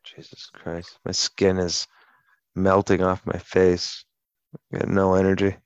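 A man's voice: sits low, monotone, unhurried, clear, resonant tone, dry recording, dull audio. A man co-hosting a radio show, telling stories in casual banter with a crude, profane, sardonic manner. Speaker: radio co-host.

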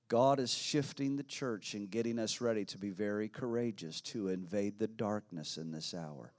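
A man preaching a sermon as pastor, slow and emphatic with many repetitions, dropping to hushed tones and rising to shouts. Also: on the low side. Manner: dramatic swings from hushed to shouting.

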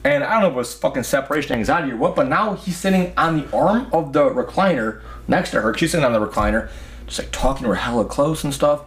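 A man's voice: mid-range voice, fast. Rambling, profane young man telling a story. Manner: profane, rambling, animated retelling. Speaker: podcast host telling a story. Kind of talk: casual storytelling.

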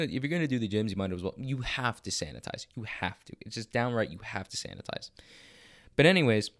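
Young man, podcast host, crude, boastful, profane, fast excited bursts, casual monologue. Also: fairly low pitch. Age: young adult.

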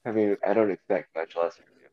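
A man's voice: lowish voice, steady tone, quick pace, dry recording, muffled recording. A man co-hosting a podcast in easygoing casual chat, often laughing. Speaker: podcast co-host.

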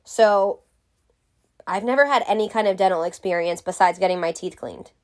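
A woman's voice: mid-range voice, moderate pace. A young woman telling a storytime vlog in a blunt, exasperated, profane way. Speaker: vlogger.

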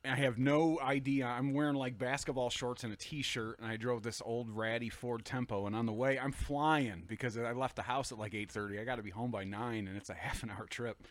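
Animated, swearing man telling stories. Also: mid-range voice, a little fast, hardly any pauses, dry recording. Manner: animated, swears often, acts out quoted lines loudly. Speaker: guest. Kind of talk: casual storytelling.

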